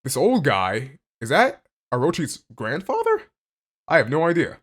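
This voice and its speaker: A man casually reacting to a comic chapter, excitable and stammering, packing his talk with "like" and reading passages aloud between his reactions. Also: on the high side, unhurried, slightly rough. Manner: excitable, stammering, heavy use of "like".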